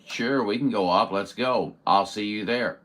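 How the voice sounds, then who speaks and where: Lowish voiced guy rambling away on his cb rig, lots of uhs. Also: measured pace, fairly bright tone. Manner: chatty and rambling, many fillers and restarts, friendly radio jargon. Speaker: CB radio operator and show host. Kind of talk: casual radio chat.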